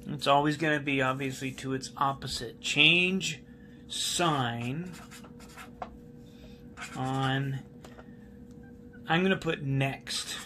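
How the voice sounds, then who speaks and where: A man with a bright, clear voice teaches a math lesson slowly and patiently. He repeats each step, checks in with his students, and writes as he explains. A faint hiss and the scratch of a pen sit behind his voice. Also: mid-range voice, little pitch movement. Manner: patient, repeats key steps, asks students questions. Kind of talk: recorded classroom math lesson.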